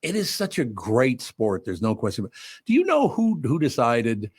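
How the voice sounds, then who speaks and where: A man's voice: medium pitch, wildly swooping pitch, normal speed, breathy edge, no echo, clean studio sound. An older man from Minnesota hosting a radio talk show, chatting and telling rambling stories with many restarts. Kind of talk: casual interview chat.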